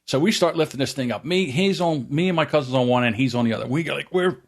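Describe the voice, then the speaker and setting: A man co-hosting a podcast, telling family stories in a casual, animated way and jumping up in pitch to act out quotes. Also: fast talker. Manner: animated, acts out quotes in a raised voice. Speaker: podcast co-host. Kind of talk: casual storytelling chat.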